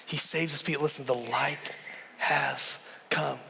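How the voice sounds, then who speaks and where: High-voiced pastor in a reverberant church. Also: male voice, measured pace, gravelly, slight background noise. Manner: animated storytelling with repeated words and sudden hushed drops. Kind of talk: sermon. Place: church sanctuary. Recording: long reverb of a large hall.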